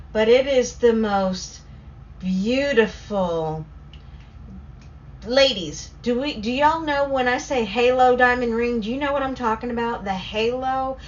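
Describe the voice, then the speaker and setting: A woman with a Southern US accent, hosting a casual story time on a livestream, rambling excitedly between reading chat comments. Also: fairly high pitch. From Southern United States. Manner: rambling and excitable, talks in quick bursts. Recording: slightly dull lo-fi stream audio with faint noise.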